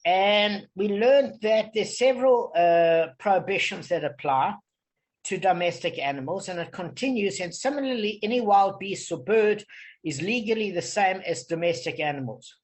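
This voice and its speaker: Man, higher-pitched voice, leads a relaxed study group over a video call and pauses to check understanding. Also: poor audio. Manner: explains patiently, checks in with "okay?". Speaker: Talmud study leader. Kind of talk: informal online study group.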